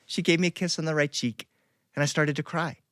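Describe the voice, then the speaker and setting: Lively male storyteller, dry and close. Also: on the high side, fairly quick, no room sound. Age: adult. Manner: lively, playful, asks audience questions. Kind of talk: performed personal story.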